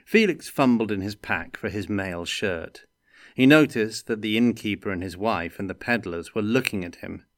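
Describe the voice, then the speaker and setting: A man reading a fantasy story aloud in a measured, deliberate way. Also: fairly low pitch, no echo, studio quality. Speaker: reader.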